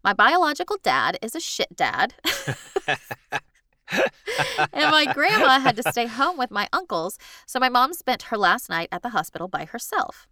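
A woman's voice: a little high, normal speed, no room sound, clean studio sound. A woman co-hosting a casual podcast, reading a listener's story aloud with frequent laughs and asides. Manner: animated, laughs often, reads aloud with asides. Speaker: podcast co-host.

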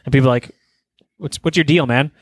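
A man co-hosting a casual chat, telling rambling stories with swearing and pauses. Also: mid-range voice, dry recording. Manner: rambling anecdotes, swearing, trailing off.

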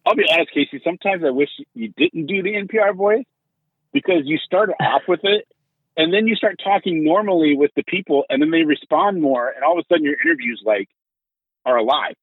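A man hosting a podcast, telling stories in animated, teasing casual chat. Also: fairly high pitch, brisk, breathy edge, no echo. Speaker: podcast host. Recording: tinny phone-like line.

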